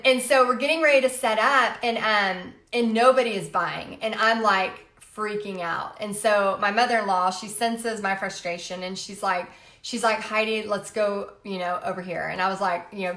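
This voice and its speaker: Woman in her late 30s, livestream host, chatty and animated storyteller, slightly high voice, roomy echo. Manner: chatty, animated, frequent fillers. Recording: echoey room.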